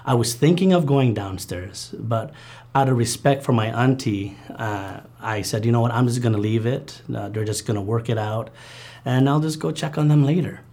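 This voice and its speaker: A man recounting a painful childhood memory in an interview, earnest and halting, with many fillers and restarts. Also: medium pitch, dark tone. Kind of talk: personal testimony interview.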